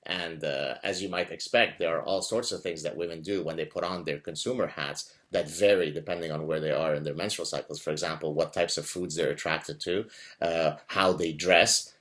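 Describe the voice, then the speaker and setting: Male host, very low voice, measured academic delivery, wry. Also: steady tone, a bit bright. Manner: measured, academic, with dry asides. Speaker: host and researcher. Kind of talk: casual interview chat.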